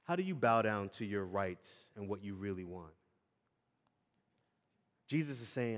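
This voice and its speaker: A man's voice: on the low side, lively intonation, normal speed, long pauses. Man preaching in an earnest, dynamic sermon delivery, voice carrying a long hall echo.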